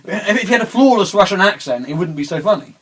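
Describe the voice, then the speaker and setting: Husky-voiced Englishman chatting hesitantly. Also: sits high, lively intonation, quick pace, a bit bright, poor audio. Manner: hesitant, chatty, laughs often. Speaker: co-host. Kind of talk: casual chat.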